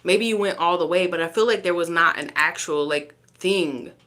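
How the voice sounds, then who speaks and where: A woman's voice: lowish voice, moderate pace, a bit bright. A woman reading tarot live, chatty and teasing, often laughing between cards. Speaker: tarot reader.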